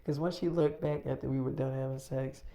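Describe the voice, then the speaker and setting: A woman telling a rambling, slangy story in a casual, relaxed way. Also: a bass voice, fairly quick, gravelly.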